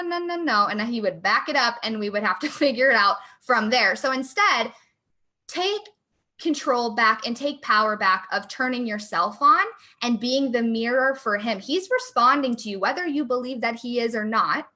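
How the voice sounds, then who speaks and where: Bright, energetic woman coach. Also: fairly high pitch. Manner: energetic and chatty, with many fillers. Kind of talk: casual chat.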